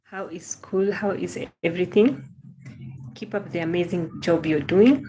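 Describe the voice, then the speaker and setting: A woman's voice: lowish voice, unhurried, background noise. A young Kenyan woman hosting a casual livestream, greeting viewers by name and gushing praise and thanks, repeating her phrases. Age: young adult. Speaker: livestream host.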